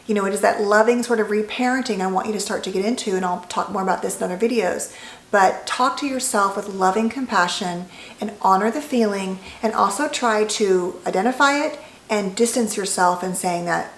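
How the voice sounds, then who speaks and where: A woman psychologist giving an educational talk to camera, calm and gently reassuring. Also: medium pitch, fairly quick, reverberant, poor audio. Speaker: licensed psychologist.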